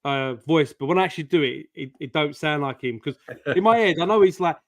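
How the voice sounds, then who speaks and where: Man, rambling jokey co-host, dry close sound, slightly raised pitch. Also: fairly quick, fairly bright tone, dry recording. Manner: chatty, jokey, rambling with restarts. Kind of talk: casual chat on a live stream.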